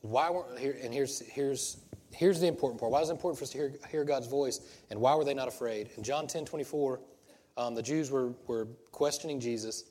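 A man's voice: medium pitch, brisk, dark tone, big-room sound. A pastor preaching a sermon in a conversational way, asking rhetorical questions and restarting his sentences.

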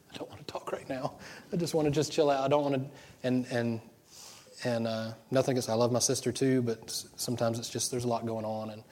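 A man's voice: medium pitch, a little mellow. A middle-aged man preaching an informal sermon, telling personal stories in a rambling way with many restarts. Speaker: pastor.

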